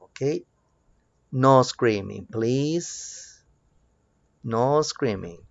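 A male teacher with a Mexican Spanish accent leads a bilingual English drill for children. He talks very slowly, with a lively, up-and-down pitch. The voice has some gravel and sounds dull and lo-fi. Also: no echo. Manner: slow, drawn-out drills with lively rising prompts.

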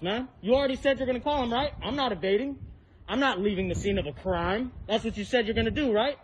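Angry, profane man with a high voice, filmed on a phone in a street confrontation, faint outdoor noise. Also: quick pace, rough recording. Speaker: person filming a confrontation. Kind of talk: heated street argument. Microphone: phone held while filming.

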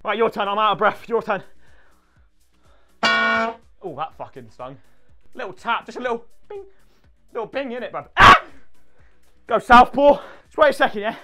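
A man commenting on his own gaming in a very high, bright voice that swings wildly up and down. He swears freely, jokes constantly, and keeps tipping into shouts. Faint music plays underneath. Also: animated, normal speed, long pauses. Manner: loud, sweary, jokey, often shouting. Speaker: gaming YouTuber.

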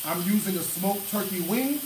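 A man's voice: sits high, expressive, moderate pace, far from the mic, noisy background. A man hosting a casual cooking demonstration, chatting to viewers with lots of exclamations as he shows off his cookbook recipes. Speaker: cooking show host and cookbook author. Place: kitchen. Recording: echoey room.

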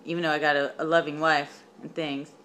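A woman's voice: deep voice, flat delivery, brisk, very noisy, lightly acted. A student voicing a drunk, careless middle-aged father, talking in a slurred, offhand way.

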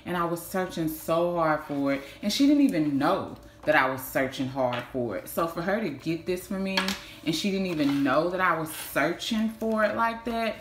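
A woman, chatting warmly in a casual vlog, gushing and repeating herself, saying y'all a lot. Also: sits low, expressive, normal speed, few pauses. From Texas. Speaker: vlogger. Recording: echoey room with faint hiss.

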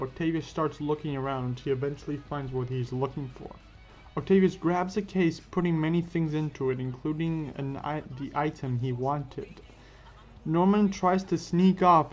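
Guy narrating a fan story off the cuff, fixes himself a lot, kinda high voice, muffled audio w music. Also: normal speed. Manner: unscripted, self-correcting. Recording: dull lo-fi with faint music.

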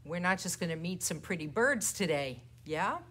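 A woman with a lowish voice and lively intonation leads a children's library storytime for toddlers, using rhymes and a picture book and swinging between exaggerated soft and loud tones. She keeps a moderate pace, with slight background noise.

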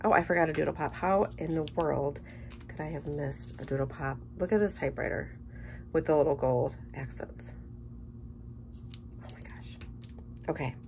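A woman chatting casually through an unboxing, gushing with enthusiasm and dropping into soft murmured asides. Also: low voice, a little fast, slight background noise. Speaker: scrapbooking vlogger.

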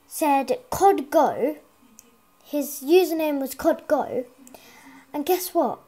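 A child gaming vlogger chatting casually on a headset mic at home, rambling with lots of ums and restarts. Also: high voice. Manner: excitable, chatty. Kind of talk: casual gaming vlog chat.

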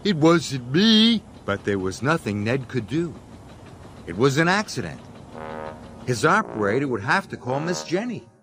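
A man narrating a children's story in an expressive, lively reading voice. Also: medium pitch, moderate pace, pauses often. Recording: music under the voice.

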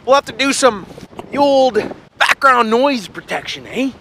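A man's voice: very high-pitched, big pitch swings, measured pace. A man with a Canadian accent chatting casually as he walks outdoors by a river, filming a vlog and tagging his lines with folksy slang. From Ontario, Canada. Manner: folksy, tags lines with "eh" and "frig". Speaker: vlogger. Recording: loud wind noise on the mic.

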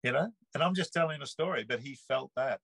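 A man in his sixties tells his story in a loose, rambling way, dropping earthy slang and restarting his sentences. His voice sits in a middle pitch. The sound is dry and close, as over a video call. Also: lively intonation, fast, vocal fry, fairly bright tone, husky, no echo, poor audio. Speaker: interview guest. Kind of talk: casual storytelling.

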